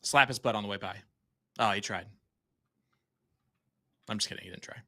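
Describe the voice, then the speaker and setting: A man's voice: lowish voice, moderate pace, pushed and bright. A man doing live darts commentary, cracking jokes and teasing banter between throws.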